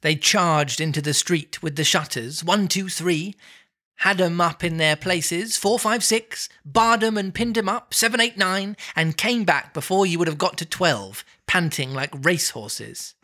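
A narrator reading a classic story aloud in a measured, expressive way. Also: mid-range voice. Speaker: reader.

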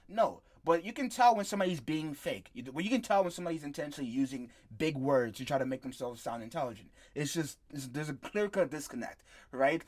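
A man's voice: a little high, fairly bright tone. Young man rambling sarcastically on a podcast. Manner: rambling, sarcastic, swears freely, laughs often. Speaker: podcast co-host. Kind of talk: casual podcast chat.

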